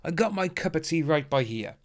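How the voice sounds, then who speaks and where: A man's voice: on the high side, animated, a little fast. Chatty man hosting a livestream. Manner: chatty, upbeat, thanks donors by name. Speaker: livestream host reading chat. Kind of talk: casual live stream chat.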